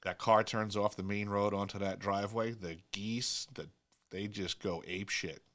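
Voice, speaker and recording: A man's voice: lowish voice, steady tone, moderate pace, fairly bright tone. A man from Long Island, hosting a casual livestream chat and cracking crude plumbing jokes with frequent laughs. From Long Island, New York. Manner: crude joking, laughs often. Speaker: host.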